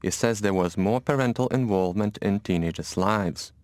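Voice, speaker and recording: A man calmly telling a scripted story about his family, for a listening exercise. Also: on the low side, moderate pace, no room sound, studio quality. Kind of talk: scripted personal monologue.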